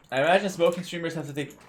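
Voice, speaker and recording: A young man from South Carolina streaming a game, talking casually with viewers in a relaxed, rambling way and often repeating words. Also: fairly high pitch, a little hiss or hum. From South Carolina, USA. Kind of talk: casual live-stream chat.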